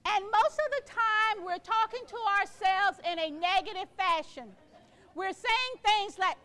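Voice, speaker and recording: Middle-aged woman, keynote speaker; very high voice, encouraging and playful delivery. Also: animated, slow, sharp tone. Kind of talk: motivational keynote speech.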